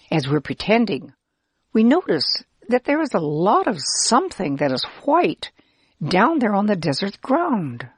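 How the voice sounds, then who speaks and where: A woman tells a children's Bible story in gentle pretend-play narration. Her delivery is slow and lilting, with wide swings in pitch. Her voice is soft and slightly breathy, recorded close and dry. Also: dry recording.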